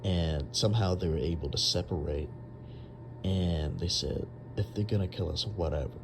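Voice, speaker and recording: A man's voice: deep voice, normal speed, background noise. A young man casually retelling a long dream, rambling with lots of fillers and restarts. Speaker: storyteller.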